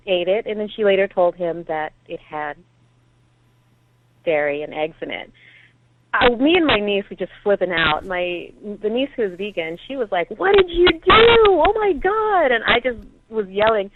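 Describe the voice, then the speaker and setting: A woman's voice: mid-range voice, a little slow. Frustrated woman ranting over a phone line. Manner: frustrated, animated storytelling. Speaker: caller. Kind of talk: phoned-in voicemail rant. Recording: tinny phone line with faint hiss.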